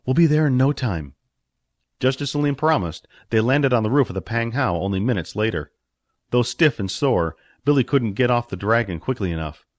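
Male audiobook narrator, animated intonation, dry close sound. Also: mid-range voice, brisk, dry recording. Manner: expressive, puts on character voices. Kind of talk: storybook narration.

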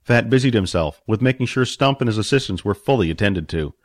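A man's voice: on the low side, brisk, dry recording. A man narrating a fantasy story expressively, voicing its characters. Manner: expressive, puts on character voices. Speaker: audiobook narrator.

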